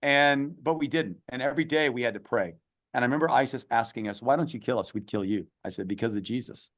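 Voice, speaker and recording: A man's voice: medium pitch, fast, fairly bright tone. A middle-aged man, a podcast guest, telling a long story in an earnest, emphatic way. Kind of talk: storytelling interview.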